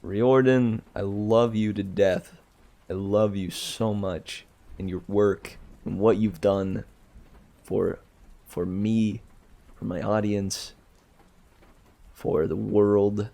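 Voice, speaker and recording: A man's voice: on the low side, steady tone, takes it slowly, vocal fry, pauses often, dark tone. A man who reads stories aloud, chatting in a rambling, self-amused way with frequent chuckles and restarts. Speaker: audiobook reader. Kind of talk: casual rambling aside.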